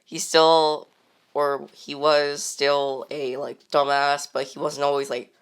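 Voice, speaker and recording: A woman's voice: low-pitched, flat delivery, slow, smooth. A woman chatting casually and unscripted as a channel host, rambling with many fillers and frequent laughs.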